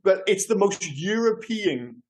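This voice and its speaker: A man in his thirties or forties co-hosting a casual film podcast, animated and full of fillers. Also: high voice, measured pace. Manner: animated, many fillers and restarts. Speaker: podcast co-host.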